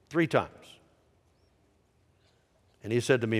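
A middle-aged man preaching a sermon as pastor, swinging from loud, high exhortation to soft, low appeals. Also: normal speed, long pauses. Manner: impassioned preaching, rising loud then dropping soft. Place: large church sanctuary. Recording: live sanctuary with long reverb.

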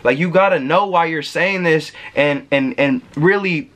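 A man's voice: on the high side, a little slow, fairly bright tone. A young man hosting a self-help video, talking casually and emphatically to his viewers, with slang and the odd swear word. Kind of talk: casual motivational talk.

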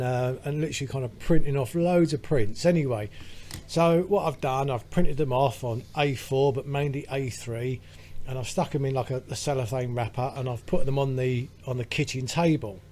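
A man's voice: medium pitch, mellow, a little hiss or hum. Rambling British man telling a story. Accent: British English. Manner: rambling storyteller, many fillers. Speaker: podcast co-host. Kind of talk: casual chat.

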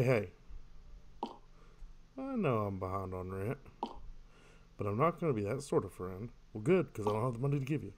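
A man's voice: lowish voice, slight background noise. A man doing let's play commentary, reading in-game texts aloud and answering them with jokes. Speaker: gamer.

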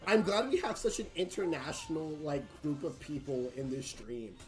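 A man from the United States hosting a casual gaming stream, excitable and tipsy, swearing and bursting into shouts. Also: fairly high pitch, normal speed, over music.

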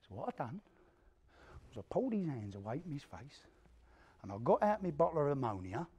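A man's voice: fairly high pitch, darkish tone, breathy edge, full character voice. An actor with a London accent playing a hard, spiteful male gangster who recounts a brutal feud in a coarse, swearing theatrical monologue, re-enacting the scenes as he goes. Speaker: actor performing a stage monologue.

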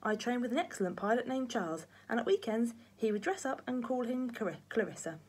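A woman's voice: a little high, expressive, fairly quick, slightly rough, pitched above the performer's own voice. A woman voicing a plucky old man, a former wartime pilot, clipped and gallant, in a storybook reading.

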